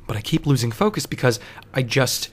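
Man, personal storytelling, wry, swears a lot, mid-pitched voice. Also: expressive, a little fast. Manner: profane, wry, conversational with restarts.

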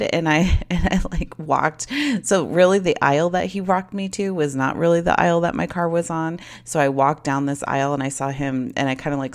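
A young adult woman telling a personal story in casual chat, acting out quoted dialogue and saying "like" often. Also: sits low. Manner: chatty, acts out quoted dialogue with lots of "like".

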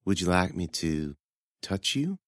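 A man voicing a slight but tough young girl who teases in a soft, quietly menacing tone. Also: sits low, moderate pace, no room sound, clean studio sound, voice pushed down, natural voice. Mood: teasing.

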